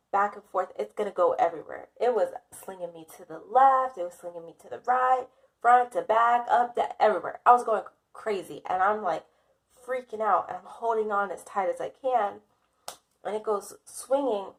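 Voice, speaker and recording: A woman vlogger telling a casual storytime, dramatic and self-mocking, often laughing. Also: medium pitch.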